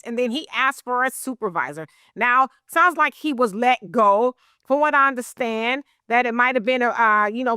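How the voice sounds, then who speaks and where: A woman's voice: sits high, bright, forceful tone, dry recording, clean studio sound. A woman giving casual news commentary, talking straight to her viewers and acting out what others said. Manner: conversational, addresses viewers directly, acts out quotes. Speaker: online commentator.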